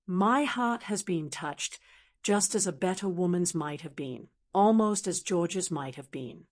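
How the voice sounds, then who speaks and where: A synthetic woman's voice reading a proud troubled young woman. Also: lowish voice. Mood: confessing. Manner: even, measured synthetic delivery.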